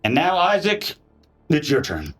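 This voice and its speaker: Animated man running a tabletop game. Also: on the high side, unhurried, soft background music. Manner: animated, acts out enemy soldiers with shouts. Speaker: dungeon master. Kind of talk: narrating a live tabletop game.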